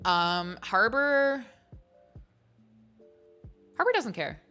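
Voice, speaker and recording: A woman's voice: on the high side, sing-song, drawn-out words, bright, forceful tone, clean tone, soft background music. A woman host chatting casually on a livestream, rambling and giggling with many fillers.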